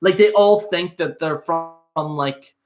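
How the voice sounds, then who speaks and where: A young man chatting loosely to his stream audience. His voice sits a little high for a man, and he rambles on in casual, sweary talk full of fillers. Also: slow pace. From Northern Ireland. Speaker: host. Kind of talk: casual solo livestream chat.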